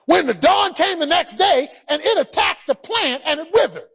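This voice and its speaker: High-voiced preacher man, emphatic. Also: very animated, moderate pace, vocal fry. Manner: emphatic, humorous, shouted emphasis; folksy colloquial speech. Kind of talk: sermon.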